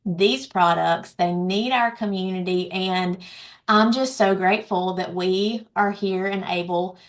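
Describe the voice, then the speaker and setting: A woman's voice: fairly low pitch, unhurried. A woman hosting a community event, bubbly and emphatic as she thanks a speaker and rallies her audience. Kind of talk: enthusiastic live event hosting.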